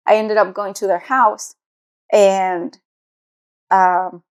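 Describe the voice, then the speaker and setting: A woman's voice: mid-range voice, little pitch movement, slow, smooth. A young woman co-hosting a podcast, talking in a rambling, hesitant way with lots of fillers. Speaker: podcast co-host. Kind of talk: casual chat.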